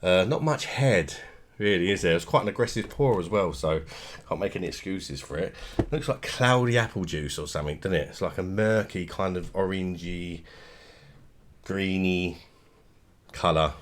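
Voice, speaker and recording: A man's voice: low-pitched, normal speed, slight background noise. A man, chatting casually through a beer review and tagging on rhetorical questions.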